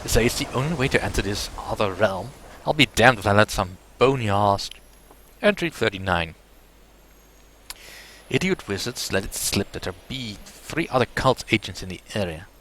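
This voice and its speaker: A man voicing a gruff, bitter male dwarf adventurer, reading his journal aloud in a grumbling, cursing way. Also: on the low side, expressive, normal speed, fairly bright tone, a little hiss or hum, rough recording. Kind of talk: read-aloud journal in a game.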